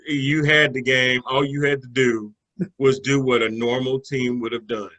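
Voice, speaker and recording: Man, sports co-host, bright tone, easygoing and chatty, with fillers. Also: medium pitch, level tone, normal speed, rough recording. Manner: conversational, loose with fillers and restarts. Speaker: sports talk show co-host. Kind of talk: casual sports analysis chat.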